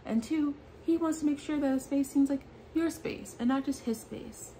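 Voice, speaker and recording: A young adult woman giving a chatty, animated recap of a reality dating show, peppering her talk with "like". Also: high voice, moderate pace, slight background noise. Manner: chatty, animated quoting with frequent "like". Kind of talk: casual recap commentary. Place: apartment in New York.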